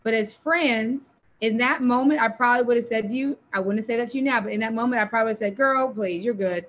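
A woman with a fairly high voice talks openly with a close friend on a podcast, slipping into acted-out quotes as she goes. The sound is dull and a bit lo-fi. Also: fast talker. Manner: animated, acts out quoted lines. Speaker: podcast co-host. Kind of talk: candid conversation between friends.

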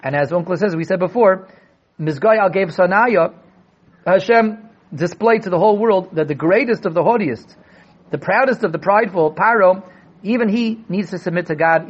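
Rabbi type, emphatic and repetitive, high husky voice, muffled lo-fi capture. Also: male voice. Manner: emphatic, repeats words for stress. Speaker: rabbi giving a weekly Torah talk. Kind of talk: Torah class on the weekly portion. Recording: dull lo-fi recording.

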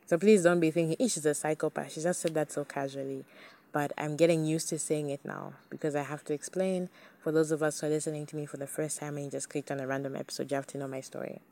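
A woman's voice: sits low, dark tone, slight background noise. A young woman hosting a podcast, talking candidly and chattily to her listeners. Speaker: podcast host. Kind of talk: casual solo podcast talk.

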